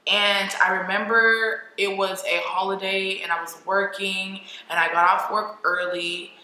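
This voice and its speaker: A woman's voice: mid-range voice, little pitch movement, a little slow, sharp tone. A young adult woman vlogger telling a personal story candidly and emotionally, with lots of "like" fillers. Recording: echoey room with faint noise.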